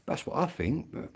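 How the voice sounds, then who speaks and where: A man's voice: mid-range voice, a little mellow, breathy edge. A middle-aged man from England, rambling bluntly in a casual livestream chat and swearing freely.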